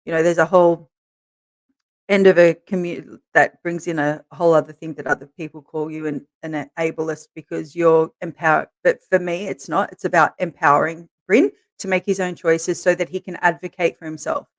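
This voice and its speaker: A woman co-hosting a podcast, telling candid stories in a relaxed way and laughing as she goes. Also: sits low, normal speed. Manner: laughs through her stories, animated quoting. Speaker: podcast co-host, interviewed as guest. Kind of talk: candid conversational storytelling.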